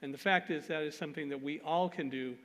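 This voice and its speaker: A man's voice: a little high, fast talker. A man speaking at a conference, telling a story with self-deprecating jokes. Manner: animated, self-deprecating jokes, laughs at himself. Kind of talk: storytelling talk. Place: conference hall. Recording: long hall reverb.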